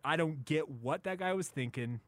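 A man hosting a sports radio show in a studio, joking and laughing with his co-host and quickly restarting his sentences. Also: a little high, no echo. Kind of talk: casual sports radio banter. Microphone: studio microphone.

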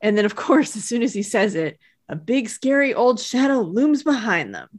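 Woman cohost retelling a cartoon, animated and laughy, voice a bit high. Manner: animated storytelling, quick to laugh. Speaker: podcast co-host. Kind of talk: casual chat recapping a cartoon.

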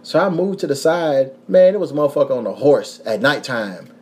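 A young man from Kentucky hosts a casual podcast at an ordinary, mid-range pitch. He tells stories in a loose, profane, animated way, laughing as he goes. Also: fairly quick. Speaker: podcast host.

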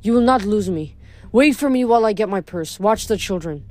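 A woman reading as a gentle loving mother. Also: medium pitch, animated, fairly quick, faint music behind, close to an everyday voice. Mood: tender. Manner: soft, gentle.

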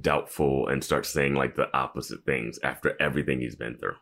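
A man's voice: very deep voice, fairly even intonation, a little fast, vocal fry, a bit bright. A man co-hosting a podcast, making laid-back comments on an episode. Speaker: podcast co-host. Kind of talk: casual chat.

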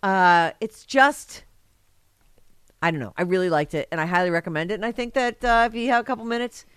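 A woman's voice: medium pitch, expressive, a little fast, smooth, no room sound. A woman co-hosting a crude comedy podcast, rambling enthusiastically and laughing often. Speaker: podcast co-host. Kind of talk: casual crude comedic chat.

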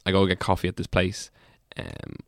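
Wry Irish man telling stories, low voice. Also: big pitch swings, normal speed, gravelly, dry recording, clean studio sound. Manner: chatty, wry storyteller, swears. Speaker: podcast co-host. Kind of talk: casual chat.

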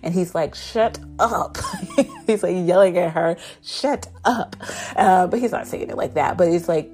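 Low-voiced woman chattily recapping a drama. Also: a little fast. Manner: chatty and animated, heavy on "like" and "basically". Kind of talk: casual episode recap. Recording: guitar music underneath.

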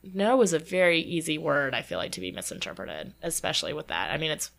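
A woman co-hosting a podcast, telling a story in a casual, animated way and acting out the quoted voices. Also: low-pitched, quick pace, vocal fry. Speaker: podcast co-host.

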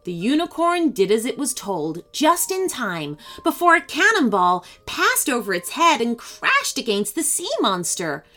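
Woman storyteller for children, expressive, higher voice, soft music bed. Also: measured pace, few pauses. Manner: expressive, animated.

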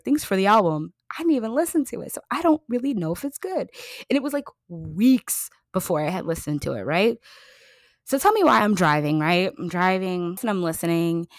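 A young woman hosts a podcast in a casual, heartfelt chat, her voice sitting a little low. She gushes with feeling, speeding up when excited and slowing to a soft hush. The sound is dry and close. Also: dry recording. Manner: effusive and emotional, swinging between excited bursts and slow soft passages. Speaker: podcast host.

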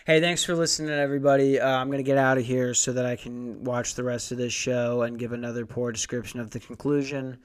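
Talking solo on his podcast, this young man meanders through a story full of profanity and self-mockery, as if short on sleep. The voice is smooth, resonant and middle-pitched, kept at a steady tone. He talks fast, with few pauses, in a casual rambling monologue.

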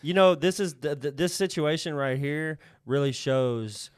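A man's voice: fairly high pitch, a little slow, smooth, dry recording, studio quality. A man co-hosting a podcast, chatting casually and earnestly making his points. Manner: earnest, repeats points for agreement. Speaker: podcast co-host. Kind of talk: casual chat.

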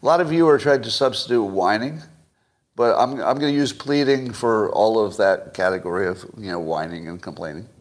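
A man's voice: lowish voice, brisk. Wry chuckling older man hosting. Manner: wry, chuckling, quizzes his audience. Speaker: podcast host. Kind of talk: casual solo commentary livestream.

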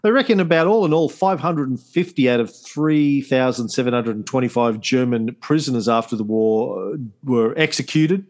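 A man, co-hosting a history podcast, telling it in a casual, halting way with many restarts. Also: mid-range voice, darkish tone. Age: 50s. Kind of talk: casual conversational storytelling.

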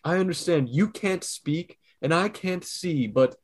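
A man's voice: on the high side, expressive, a little slow, breathy edge, pitched above the performer's own voice. A man voicing a lonely, eager old blind man in a retold film scene, speaking in a raised voice.

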